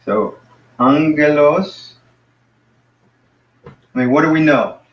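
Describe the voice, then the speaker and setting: A man teaching a casual lesson to a class, patiently explaining and slowly sounding out words. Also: a little high, dull audio. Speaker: Greek teacher. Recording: echoey room, mic far off.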